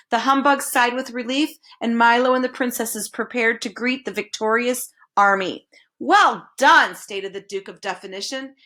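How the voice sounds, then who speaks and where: A woman reading a children's novel aloud, expressive and slowing down on dramatic phrases. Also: on the high side. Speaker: storybook reader.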